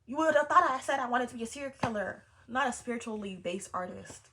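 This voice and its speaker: Animated young woman vlogging casually. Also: a little high, fast talker, a little hiss or hum. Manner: animated, swearing, repetitive, laughing asides. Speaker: spiritual content creator. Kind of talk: casual personal vlog monologue.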